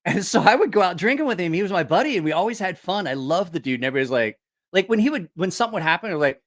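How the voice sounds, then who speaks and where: A man casually telling profane, animated stories, acting out other people's voices. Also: on the high side, fast talker. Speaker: host. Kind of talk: casual storytelling.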